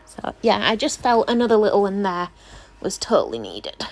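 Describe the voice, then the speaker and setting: A woman's voice: mid-range voice, sing-song, normal speed. A woman nail technician doing a casual, rambling tutorial voice-over, chatty and self-deprecating, often apologizing.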